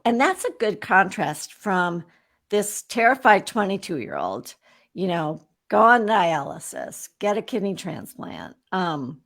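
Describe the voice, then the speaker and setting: A woman in her fifties, a guest on an interview show, telling her own story candidly and with animation. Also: mid-range voice. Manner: animated, candid storyteller who acts out remembered exchanges.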